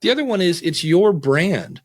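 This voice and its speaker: A middle-aged man talking as a guest in a casual podcast interview, animated and acting out quotes and voices as he explains. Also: moderate pace. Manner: animated, acts out voices and quotes with big pitch swings.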